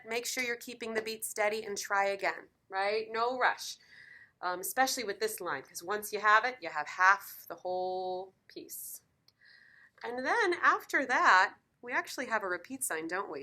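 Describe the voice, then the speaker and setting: A woman's voice: medium pitch, normal speed, pushed and bright. A woman teaching piano in a lesson video, encouraging and counting beats aloud.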